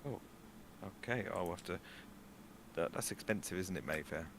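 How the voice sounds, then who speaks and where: A man's voice: low voice, normal speed, vocal fry, background noise. A man voicing a cheerful young male stage magician who talks eagerly and chattily. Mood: chatty.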